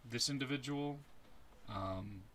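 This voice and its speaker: A man narrating a tabletop game as its game master in a slow, measured way. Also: mid-range voice, fairly bright tone.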